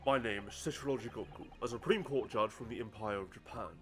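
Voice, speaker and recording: A man's voice: on the low side, fast, faint music behind, lightly acted. A man doing a scheming old judge. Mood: composed. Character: scheming older male Japanese judge, composed. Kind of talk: voicing game characters on a livestream.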